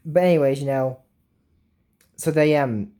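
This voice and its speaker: A woman's voice: extremely low pitch, measured pace, dark tone. A young woman casually recapping a cartoon episode, rambling with filler words and making little whooshing sound effects. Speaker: show recap host.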